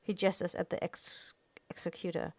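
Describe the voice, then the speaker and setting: A woman's voice: lowish voice, level tone, moderate pace, dry recording. A woman reading a novel aloud, often stumbling and restarting words. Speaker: reader.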